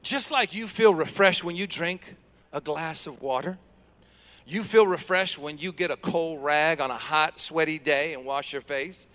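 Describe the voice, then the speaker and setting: High, bright-voiced preacher in a reverberant hall. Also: male voice, unhurried. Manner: energetic, call-and-response with the congregation. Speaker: pastor. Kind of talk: sermon. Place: church sanctuary.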